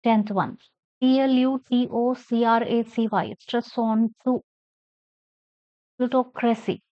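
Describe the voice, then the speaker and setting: A woman's voice: fairly high pitch, steady tone, a little slow, smooth, dry recording, lo-fi sound. A woman teaching an English lesson, spelling words letter by letter and stressing syllables as she reads aloud.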